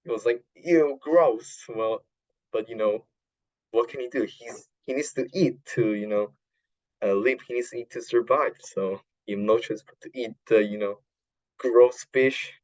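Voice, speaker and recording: Halting man retelling a film. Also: on the low side, fairly even intonation, dull audio. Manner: halting, many fillers and restarts, non-native grammar. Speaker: podcast host. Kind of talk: casual retelling of a film plot.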